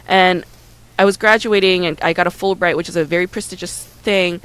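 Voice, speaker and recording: A woman in her thirties telling a personal story in casual chat, candid and animated, with many "like" and "right?" fillers. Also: on the low side, a little fast, clear, resonant tone, rough recording.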